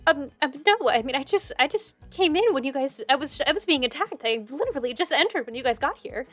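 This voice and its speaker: A woman's voice: sits high, lively intonation, quick pace, fairly bright tone, faint music behind, voice pushed up. A woman voicing a nervous young village woman who rambles and stammers in a tabletop role-play game. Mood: flustered.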